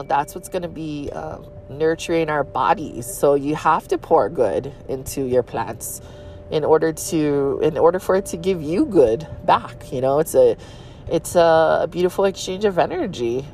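Hawaii pidgin-accented woman, deep-ish voice, swears a lot, just chatting solo on a podcast. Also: moderate pace, a little mellow, soft background music. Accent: Hawaii Pidgin-tinged. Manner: chatty and candid, with frequent swearing. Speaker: podcast host. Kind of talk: casual solo podcast monologue.

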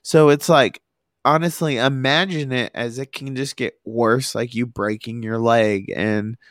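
Male podcast host, slow and halting, dry close sound. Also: medium pitch, steady tone, a bit bright, no echo. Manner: halting, loses his train of thought. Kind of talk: casual chat.

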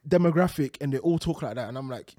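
A man's voice: medium pitch, fast talker, dark tone, dry recording, studio quality. A young man in casual chat, giving wry, opinionated commentary.

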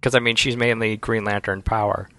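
Male podcast co-host, gravelly, upbeat fan energy, dry close mic. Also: on the low side, level tone, a little fast, bright, forceful tone, no echo. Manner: enthusiastic fan, playful sound effects. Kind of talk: casual chat.

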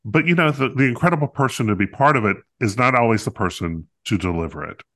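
A man's voice: mid-range voice, lively intonation, fast, bright, forceful tone. A man co-hosting a podcast, reviewing a musical in casual chat, talkative and playful with many fillers.

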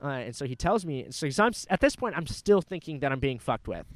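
A man's voice: mid-range voice, sing-song, fast. A young man in his twenties hosting a podcast, telling a rambling story with lots of swearing and filler words. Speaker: podcast host. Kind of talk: casual podcast chat.

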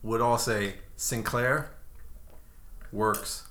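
A man's voice: medium pitch, fairly even intonation, extremely slow, pushed and bright. A man co-hosting a podcast, joking and giggling through casual wrestling chat. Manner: joking, giggly, loose delivery. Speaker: podcast co-host.

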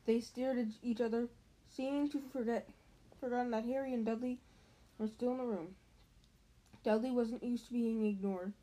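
A woman reads a novel aloud in a relaxed, unpolished way, her voice sitting a bit high. She stumbles on words and corrects herself as she goes. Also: moderate pace, long pauses, poor audio. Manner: casual, with slips and restarts. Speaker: reader.

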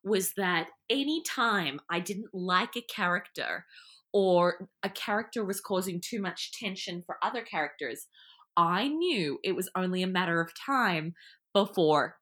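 A woman co-hosting a podcast, chatting casually and bluntly, quick to jump to over-the-top jokes. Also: lowish voice, expressive, fairly bright tone. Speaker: podcast co-host. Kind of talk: casual chat.

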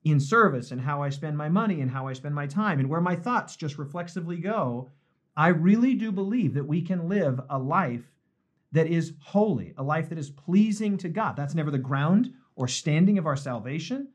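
Male pastor, earnest, reflective, emphatic repetitions, slightly higher voice, live devotional chat. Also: expressive, moderate pace, dull audio. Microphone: streamed live online.

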